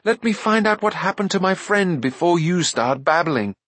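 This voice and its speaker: Man doing an eager young hero, impatient, husky voice, storybook. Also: mid-range voice, normal speed, no room sound, natural voice. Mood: earnest. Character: earnest young male assistant pig-keeper.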